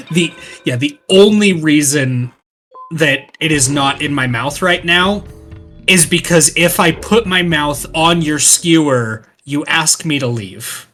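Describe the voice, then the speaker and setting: A man chatting casually during a game session, telling lively stories and acting out other people's lines. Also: a little high, slow pace, faint music behind. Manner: animated storyteller who acts out quoted voices. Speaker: co-host of a gaming let's play. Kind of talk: casual chat.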